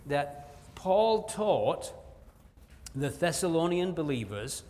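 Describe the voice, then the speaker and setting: A man preaching an evening Bible teaching sermon, earnest and emphatic, with frequent "uh" fillers and asides. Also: fairly high pitch. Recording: long hall reverb.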